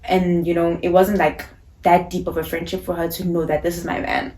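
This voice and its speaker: A young woman in her twenties with a South African accent, telling a personal story in a casual, animated, slangy way. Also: fairly low pitch, brisk. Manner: animated, acts out dialogue, slangy. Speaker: YouTuber.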